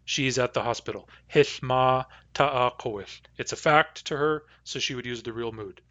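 A man giving a recorded language lesson, pronouncing example phrases slowly and carefully. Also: medium pitch, pushed and bright, no room sound, muffled recording. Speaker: language teacher.

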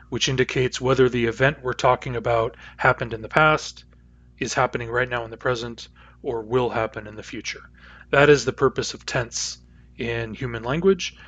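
A man teaching a language class, explaining grammar patiently and methodically with frequent pauses and fillers. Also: medium pitch, a bit bright, husky. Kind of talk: lecture.

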